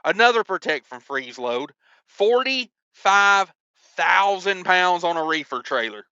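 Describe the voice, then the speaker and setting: A man's voice: sits high, sing-song, a little slow, sharp tone, clear, resonant tone, dry recording, highs cut off. A man who drives a truck, telling road stories in a casual, joking way with lots of ums and asides. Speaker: owner-operator trucker. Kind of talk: casual vlog storytelling.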